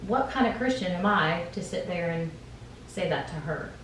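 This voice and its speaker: A woman's voice: fairly low pitch, animated, normal speed, fairly bright tone. A woman teacher answering interview questions earnestly, often through rhetorical questions. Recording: very echoey room, distant mic, faint noise.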